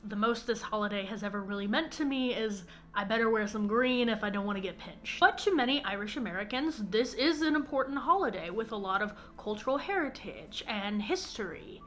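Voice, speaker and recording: A woman's voice: mid-range voice, lively intonation, a little fast, few pauses, fairly bright tone. Self-mocking woman explaining anthropology. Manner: self-mocking, academic nitpicking. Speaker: anthropology video creator. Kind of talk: educational vlog commentary.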